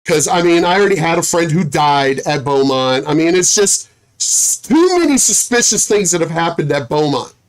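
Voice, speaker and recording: A veteran's casual storytelling rant, blunt and full of swearing, with the pitch sitting in a middle range. The speaker retells conversations line by line and trips over and repeats words when heated. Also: expressive, moderate pace. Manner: restarts and repeats phrases when worked up. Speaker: military veteran telling a personal story.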